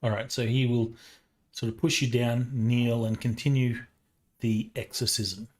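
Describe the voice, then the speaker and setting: A man's voice: mid-range voice, flat delivery, darkish tone. A man narrating a tabletop game as game master, hesitant and full of fillers. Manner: slow, hesitant, many fillers.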